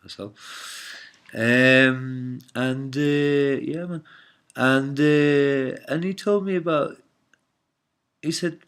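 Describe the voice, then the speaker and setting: A man's voice: medium pitch, takes it slowly, creaky, long pauses, fairly bright tone. A man telling a personal story in a casual, meandering monologue, hesitant and full of fillers, often calling the listener mate or man.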